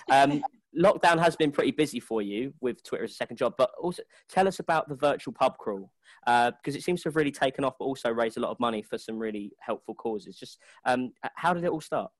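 Fast-talking podcast host, dry sound. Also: male voice, medium pitch, dry recording. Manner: quick, loose, friendly banter. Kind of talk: casual podcast chat and announcements.

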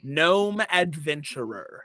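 High-voiced game master. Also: male voice, animated, takes it slowly, bright, forceful tone, no room sound, studio quality. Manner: casual with many fillers. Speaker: dungeon master. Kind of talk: narrating a tabletop game.

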